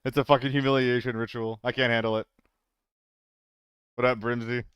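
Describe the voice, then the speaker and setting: Smooth-voiced young male streamer. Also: mid-range voice, level tone, moderate pace, dry recording, muffled recording. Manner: loose and profane, chatting with viewers, flustered in fights. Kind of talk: casual live-stream chat while gaming.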